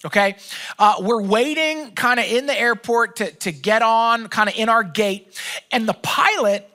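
Bright-voiced man preaching casually. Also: very high-pitched, a little slow. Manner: conversational, joking storyteller. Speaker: pastor. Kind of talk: sermon.

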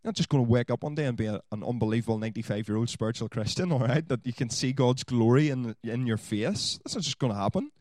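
A man preaching a sermon, swinging from loud exhortation to quiet asides. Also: mid-range voice, quick pace, few pauses, dry recording. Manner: animated, rising to loud exhortation then dropping to quiet asides.

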